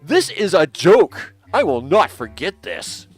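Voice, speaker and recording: A man's voice: very animated, slow, breathy edge, faint music behind, exaggerated voice. A man putting on a whiny, desperate hotel cleaner. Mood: whiny, pleading. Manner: pleading, indignant, higher-pitched.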